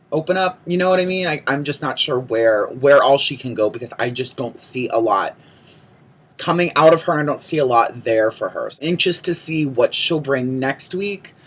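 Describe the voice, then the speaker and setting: A man's voice: medium pitch, a bit bright. A young man talking casually to camera as a vlogger, chatty and opinionated, with lots of "like" and "um". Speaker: vlogger reviewing a TV show.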